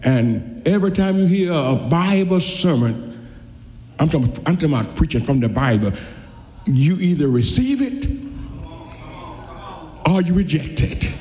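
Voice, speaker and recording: A man preaching a folksy sermon in a church, with a fairly high but dark, mellow voice. He reads scripture slowly and then rushes through his asides. The sound is dull and lo-fi, with a long, echoey reverb. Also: sing-song.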